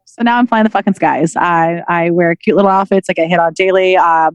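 A woman's voice: fairly low pitch, steady tone, fairly quick, clean tone, dry recording. A young woman chatting as a podcast guest, joking and teasing with loose, playful swearing. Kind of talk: casual podcast chat.

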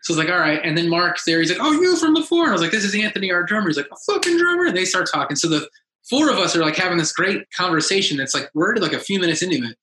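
A man telling a story in casual chat, lively and acting out the quotes of others in a raised voice. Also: sits high, very fast. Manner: animated, acts out quotes in a raised voice. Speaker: podcast guest, musician. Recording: echoey room.

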